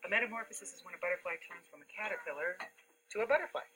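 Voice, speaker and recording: Bright-voiced teacher drilling syllables. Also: female voice, lowish voice, poor audio. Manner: slow, drawn-out sounding of syllables. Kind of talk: classroom reading instruction.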